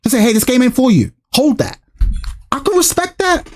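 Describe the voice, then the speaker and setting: A man's voice: very high voice, very animated, normal speed. A man streaming, ranting to his chat with exasperated, repetitive, swearing commentary.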